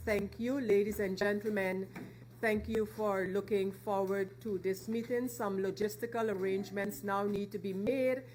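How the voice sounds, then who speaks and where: A woman chairing a parliamentary session who announces the vote results and adjourns in a formal, steady manner. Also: mid-range voice, a little hiss or hum, low-quality recording.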